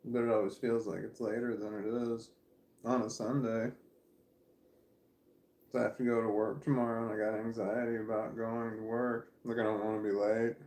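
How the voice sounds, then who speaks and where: A man's voice: lowish voice, little pitch movement, normal speed, darkish tone. Rambling man in an echoey room. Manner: candid, wandering, self-deprecating, often trailing off. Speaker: vlogger. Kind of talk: casual rambling monologue to camera. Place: at home in a room, with a puppy in his lap. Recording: roomy echo.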